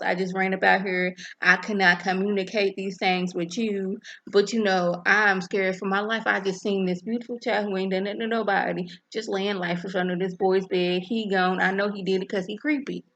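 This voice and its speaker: A woman's voice: mid-range voice, vocal fry, a bit bright, lo-fi sound. A woman recaps a TV episode in a loose, chatty way, full of animation. She keeps slipping into the characters' lines to act them out. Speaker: TV episode reviewer.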